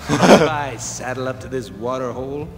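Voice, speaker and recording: A man voicing a swaggering cowboy who courts in a mock-suave, drawn-out way. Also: medium pitch, vocal fry, soft background music, voice pushed down, close to an everyday voice.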